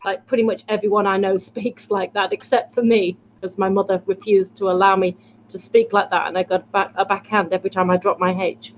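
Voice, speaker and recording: A woman's voice: mid-range voice, level tone, fairly quick. Woman chatting on a podcast, muffled lo-fi sound. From England. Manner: chatty, laughs at herself. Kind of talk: casual chat. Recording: dull lo-fi sound, faint noise.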